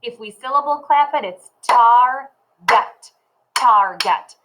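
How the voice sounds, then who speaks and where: Slow, clear woman teaching phonics. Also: mid-range voice, animated, fairly bright tone, rough recording. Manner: slow, clear, sounding out words for children. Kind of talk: phonics lesson for young children.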